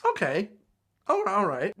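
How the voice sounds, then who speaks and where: A woman's voice: medium pitch, wildly swooping pitch, moderate pace, a bit bright. A young woman YouTuber chatting casually with a friend in a dry, laid-back way. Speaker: YouTuber co-host. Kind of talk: casual chat.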